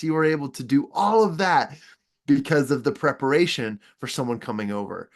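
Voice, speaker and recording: A man giving a self-improvement training talk, earnest and enthusiastic, with frequent restarts as he tells stories. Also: on the high side. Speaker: personal development trainer.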